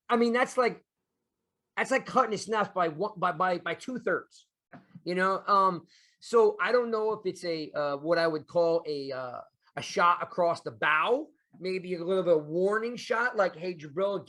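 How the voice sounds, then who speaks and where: A man's voice: high voice, a bit bright. A man hosting a casual sports podcast, talking in a rambling way with many restarts. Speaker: podcast host.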